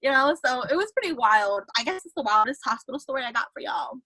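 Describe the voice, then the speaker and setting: A woman's voice: sits high, lively intonation, fast, bright, forceful tone, no room sound. A woman in her twenties, a podcast host, chatting casually and telling stories with lots of fillers. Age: 20s. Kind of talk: casual chat.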